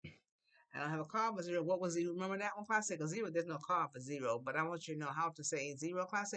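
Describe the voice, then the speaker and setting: Low-voiced woman teaching children Spanish. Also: a bit bright. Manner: slow, drawn-out modeling of phrases for children to repeat; coaxing and encouraging.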